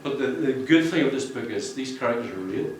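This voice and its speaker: A book cover artist, a man with a mid-range, animated voice, talks briskly at a launch in a function room full of people. His speech is jokey and rambling, and he laughs at his own jokes. The room echoes, the mic is distant, and there's a slight hiss or hum.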